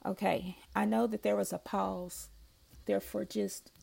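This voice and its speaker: Woman reading her own poems real slow, soft and gravelly, long pauses. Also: mid-range voice, flat delivery. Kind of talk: slow, heartfelt poetry reading.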